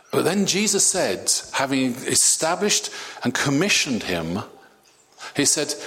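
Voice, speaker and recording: A man preaching a sermon, animated, with many stammered restarts. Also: medium pitch, normal speed.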